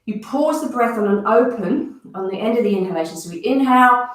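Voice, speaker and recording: Calling out every movement and breath cue, a woman guides a breathing and movement class in an instructive, counting manner. Her voice is a little high, expressive and somewhat quick, picked up by a distant mic in a very echoey room with background noise.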